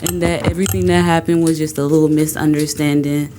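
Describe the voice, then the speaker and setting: A woman in her twenties testifying in court, speaking quietly and hesitantly, hard to hear. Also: low voice, little pitch movement, a little fast, a little hiss or hum. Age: 20s. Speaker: witness.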